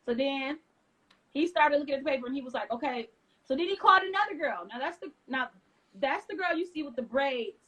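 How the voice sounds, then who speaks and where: A woman from the United States recounts her story as an interview guest, her voice pitched high. She talks in an animated way and slips into the voices of the people she quotes. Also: fairly quick, dull audio. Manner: lively retelling with acted-out quotes.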